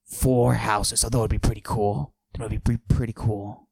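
A man playing a boastful macho character, pushing his voice low and husky and often dropping to a whisper while he brags deadpan. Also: normal speed, no echo. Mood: swaggering. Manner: boastful, deadpan absurd bragging. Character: cocky macho man with a forced deep voice. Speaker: podcast host. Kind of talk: comic character monologue.

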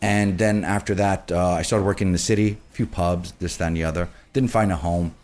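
A man with a very low voice talks through his years behind the bar in loose, chatty fashion. He tells stories with energy and slips into other people's voices when he quotes them. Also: a little fast. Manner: animated, acts out quoted people. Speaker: bar and restaurant group manager. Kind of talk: casual conversational storytelling.

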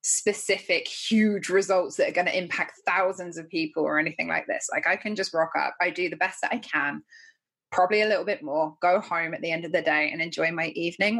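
A woman podcast host, reflective and agreeable in casual conversation. Her voice sits somewhat low for a woman. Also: a bit bright, slightly rough.

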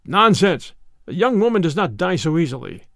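A coarse ruffian jailer barks his lines in a rough, loud, gravelly voice, as a male narrator acts him out. The storybook recording stays close and dry. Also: sits high, big pitch swings, moderate pace, no room sound, heavily acted. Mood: gruff. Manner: loud, gruff.

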